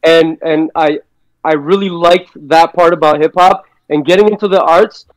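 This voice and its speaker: A man's voice: on the high side, steady tone, moderate pace, dry recording, poor audio. A man guesting on a podcast, telling stories in a laid-back, slangy way and swearing freely. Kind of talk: casual storytelling chat.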